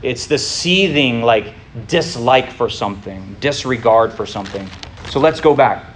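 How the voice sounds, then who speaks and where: A man's voice: mid-range voice, animated, unhurried, slight background noise. A man leading a conversational Bible study, often asking the listeners rhetorical questions and talking informally. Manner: informal, with fillers and restarts.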